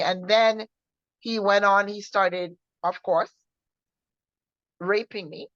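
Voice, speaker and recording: A woman sharing her personal testimony in an earnest, halting way, often repeating herself and restarting. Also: mid-range voice, fairly even intonation, a bit bright, dry recording. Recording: dull lo-fi recording.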